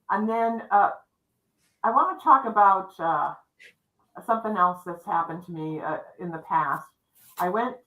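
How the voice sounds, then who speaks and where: A chatty middle-aged woman tells stories on a livestream and acts out the voices of the people in them. Her voice is bright and forceful and sits a little low. The room around her is echoey. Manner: chatty, lively, acts out dialogue. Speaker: psychic co-host. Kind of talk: storytelling in casual chat. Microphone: livestream setup.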